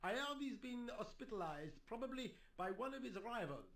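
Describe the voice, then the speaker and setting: An actor playing a weary police sergeant in a video game, answering questions in a dry, matter-of-fact way. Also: male voice, extremely high pitch, expressive, normal speed, a bit bright, full character voice.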